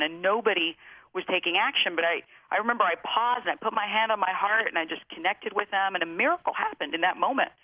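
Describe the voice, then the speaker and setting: A woman telling her story as a guest, emphatic and motivational, slowing down to stress key phrases. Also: lowish voice. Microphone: phone. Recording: tinny phone line.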